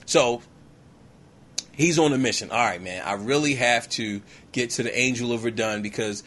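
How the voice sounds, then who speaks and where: A man's voice: medium pitch, normal speed, fairly bright tone. A man retelling a movie for laughs in a loose, slangy way, forever tossing in "yo, man" and "you feel me.". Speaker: comedic movie recapper. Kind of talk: comedic film retelling.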